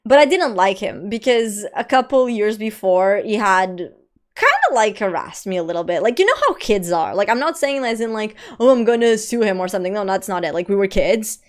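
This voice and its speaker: A young woman from Lisbon with a light Portuguese accent streams live, chatting casually with her viewers, laughing often and swearing casually. Her mid-range voice has lively intonation at a moderate pace.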